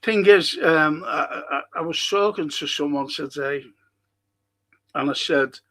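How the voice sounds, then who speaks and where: A man's voice: on the high side, measured pace, pushed and bright. Passionate older man, rambling. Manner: passionate, rambling, swears freely. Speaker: podcast host. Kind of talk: casual live-stream chat, reading viewer comments.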